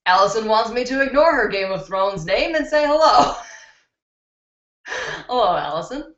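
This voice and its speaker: A woman's voice: on the high side, lively intonation, moderate pace, a bit bright. Chatty young woman on a laptop mic. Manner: chatty and candid, laughs easily, many fillers. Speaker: beauty channel host. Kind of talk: casual live-stream chat answering viewer questions. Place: indoors at home. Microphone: built-in computer mic. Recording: dull, roomy laptop-mic recording.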